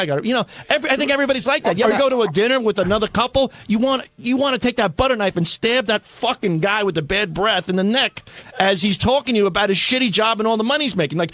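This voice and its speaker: A man's voice: sits high, expressive, rapid-fire, fairly bright tone, no room sound. A man who is a show regular, telling rambling, profane stories in a casual radio studio chat.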